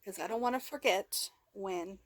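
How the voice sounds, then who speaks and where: A woman's voice: medium pitch, normal speed, no room sound. A woman telling a raw personal vlog story into a handheld phone, rambling and emotional, with many restarts, speaking of herself as "we". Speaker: vlogger.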